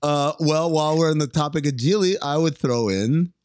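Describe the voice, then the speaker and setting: A man co-hosting a comedy podcast in casual chat, animated and breaking into mock voices and laughter. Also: fairly high pitch, normal speed, dry recording, clean studio sound. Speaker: podcast co-host.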